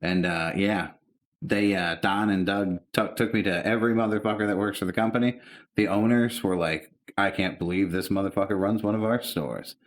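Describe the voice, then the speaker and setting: A man's voice: fairly low pitch, fairly even intonation, moderate pace. A man co-hosting a podcast, telling rambling, profane stories in casual chat. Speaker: podcast co-host.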